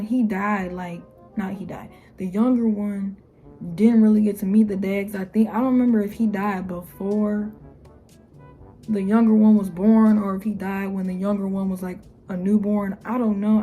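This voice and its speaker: A young woman talking casually to camera, blunt and exasperated, with slangy phrasing and mocking quotes in a higher voice. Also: fairly even intonation, normal speed, phone-quality sound, soft background music. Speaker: YouTuber. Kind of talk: casual opinion vlog.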